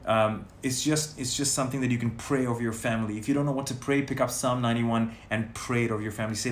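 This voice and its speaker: A man's voice: mid-range voice, steady tone, quick pace, few pauses. A man leading a sermon and guided prayer, speaking in emphatic, repetitive phrases. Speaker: prayer leader. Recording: roomy echo, faint noise.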